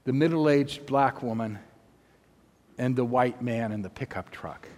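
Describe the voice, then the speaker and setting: A man preaching, telling a story in a measured, unhurried way with long pauses between phrases. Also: medium pitch, darkish tone. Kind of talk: sermon storytelling. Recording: long reverb of a large hall.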